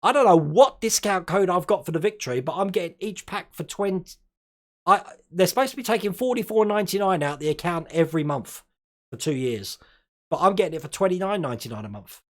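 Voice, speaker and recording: A man's voice: high-pitched, expressive, brisk. A man from Australia hosting a casual live stream, chatting and laughing often and tripping over his words now and then.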